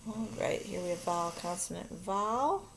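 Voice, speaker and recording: A woman teaches a phonics lesson, explaining each step patiently for her video. Her voice is a little low and gravelly. A faint hum sits behind her. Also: moderate pace, a bit bright. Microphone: recording her own video lesson.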